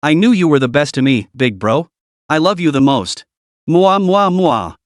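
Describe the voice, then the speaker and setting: A man's voice: mid-range voice, animated, moderate pace, dry recording, studio quality, natural voice. A man voicing a coquettish young mistress who plays innocent, whiny and sugary.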